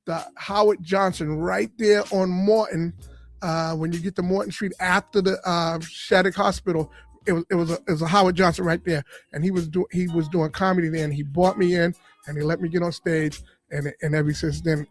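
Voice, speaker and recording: A man, a comedian and radio personality, telling stories from his life in an animated interview style and acting out the voices of people in them. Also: fairly high pitch, a little fast, faint music behind. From Boston area. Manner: animated storyteller, acts out quoted voices. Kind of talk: storytelling interview. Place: podcast studio.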